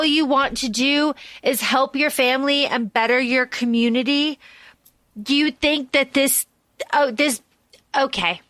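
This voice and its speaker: A woman co-hosting a podcast, chatting casually about a book, animated and often restarting her sentences. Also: high-pitched, unhurried, dry recording. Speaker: podcast co-host.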